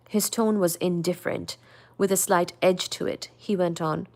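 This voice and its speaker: A woman reading a novel aloud on a live stream, with measured, even narration. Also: lowish voice. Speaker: book reader on a live stream.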